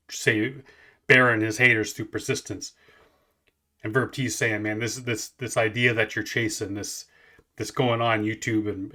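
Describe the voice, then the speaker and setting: A man in his late forties talks through a track in a low but bright, punchy voice. He rambles and restarts his sentences, swearing freely as he reacts. His delivery stays loose and conversational. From Canada. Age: 40s. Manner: rambling, profane, many restarts. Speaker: music reaction host. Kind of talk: casual reaction commentary.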